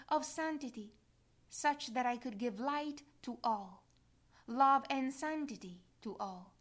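A woman voicing a tender, motherly heavenly queen in a slow, gentle devotional reading that drops to soft whispers. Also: on the high side, lightly acted.

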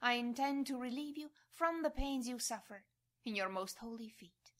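Casting: woman for a devotional prayer reading, hushed and often whispering, slightly high voice. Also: moderate pace. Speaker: prayer reader.

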